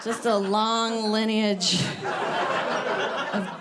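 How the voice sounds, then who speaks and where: A woman's voice: medium pitch, little pitch movement, extremely slow, heavy background noise. A woman doing a stand-up comedy set, chatty and full of fillers, chuckling at her own jokes and a little out of breath. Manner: conversational, many "like" fillers, laughs at own jokes. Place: comedy club stage with live audience. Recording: live crowd audible. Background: audience laughter.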